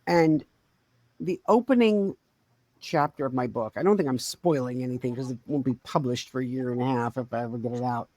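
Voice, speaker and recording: A woman's voice: extremely low pitch, fairly quick, no echo, clean studio sound. Woman telling a family story. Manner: animated retelling, swings between quiet and loud. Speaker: podcast co-host. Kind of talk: casual storytelling chat.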